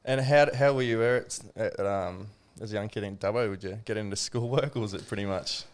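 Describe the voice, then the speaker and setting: A young Australian man hosting a podcast, telling lively stories in casual chat, swearing and laughing often. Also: on the low side, a little fast. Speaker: podcast host.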